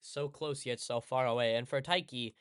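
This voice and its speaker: A man's voice: mid-range voice, steady tone, normal speed, a bit bright, clear, resonant tone, no room sound, clean studio sound. Rambling, sarcastic young man. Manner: rambling, sarcastic, self-correcting. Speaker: streamer. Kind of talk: casual commentary over gameplay.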